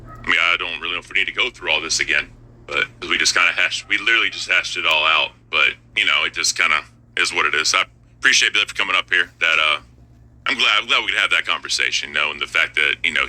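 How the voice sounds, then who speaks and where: A man's voice: a bass voice, fast, sharp tone, dry recording, rough recording. A man chatting casually on a live stream, laid-back and repetitive, often saying bro.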